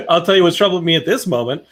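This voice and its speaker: A man with a slightly high voice jokes and teases in casual podcast banter. His delivery is wry and quick with punchlines, as if he were recorded on a studio mic over a video call. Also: animated, a bit bright. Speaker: podcast host. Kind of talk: casual chat.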